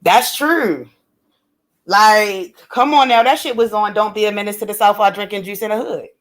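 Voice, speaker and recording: A woman's voice: medium pitch, moderate pace. A woman co-hosting a live stream in casual chat, talking bluntly and with animation, swearing freely and laughing often. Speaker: livestream co-host.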